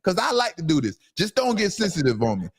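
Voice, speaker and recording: A man hosting a casual sports talk livestream from home, loud and brash, trash-talking his commenters. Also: high voice, huge pitch swings, quick pace, breathy edge. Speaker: podcast host.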